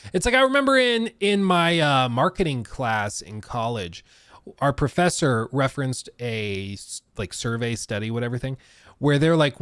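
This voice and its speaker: A man's voice: medium pitch, fairly bright tone, dry recording, studio quality. A man hosting a casual gaming livestream, rambling loosely, laughing often and reading out chat messages. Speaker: gaming streamer.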